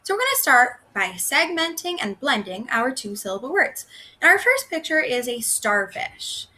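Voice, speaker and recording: A woman teaching a recorded first grade phonics lesson, slowly sounding out words for young children. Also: sits high, very animated, sharp tone.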